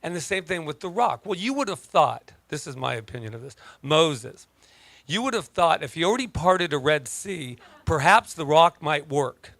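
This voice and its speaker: A man preaching a casual sermon as pastor, telling stories in an animated, joking way. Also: a little high, normal speed, gravelly, no echo. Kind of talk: conversational sermon.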